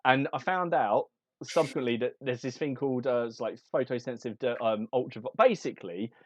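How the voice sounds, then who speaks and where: A man's voice: mid-range voice, brisk, no room sound, lo-fi sound. A man on a casual hobby podcast, telling a rambling anecdote full of restarts and fillers. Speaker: podcast co-host. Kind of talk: casual chat.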